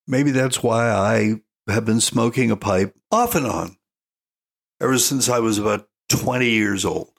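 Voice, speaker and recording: A man's voice: fairly low pitch, measured pace, creaky. An older man giving an opinionated monologue as a parenting commentator, folksy and emphatic, calling listeners "folks". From United States.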